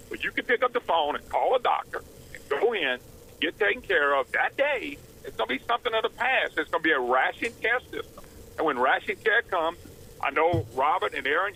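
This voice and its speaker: A man's voice: a little high, pushed and bright, slightly rough, low-quality recording. A man, talking on radio in an emphatic, opinionated, folksy way. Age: 50s. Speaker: radio show host, guest. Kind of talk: talk radio call-in.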